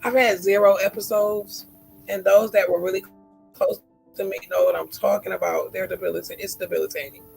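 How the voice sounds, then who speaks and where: A woman's voice: mid-range voice, steady tone, fairly quick, vocal fry, darkish tone, slightly rough, soft background music, rough recording. A woman in her forties hosting a candid personal vlog. She talks in an emotional, heartfelt way, with laughing asides. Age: 40s. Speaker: host.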